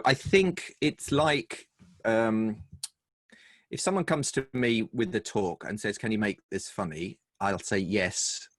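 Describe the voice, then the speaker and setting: A man with an English accent and a fairly low voice tells stories in a wry, chatty way. He coaches people on humor and talks in an online interview. The sound is dry and close, with no room echo. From England.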